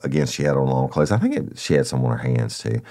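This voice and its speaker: Very deep-voiced ex-cop. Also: male voice, lively intonation, quick pace, warm tone. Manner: addresses listeners as "y'all", repeats words, swears casually. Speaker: former police officer, storyteller. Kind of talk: casual spoken storytelling.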